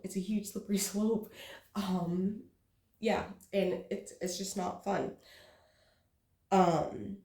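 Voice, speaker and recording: A woman's voice: medium pitch, mellow. Candid, frank woman vlogging in a roomy space. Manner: frank, swears freely, filler-heavy. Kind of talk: candid casual vlog.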